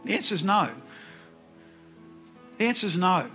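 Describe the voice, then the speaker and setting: A man's voice: high-pitched, moderate pace, pushed and bright, soft background music. A man in his sixties preaching a sermon, telling personal stories earnestly and repeating words for emphasis. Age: 60s.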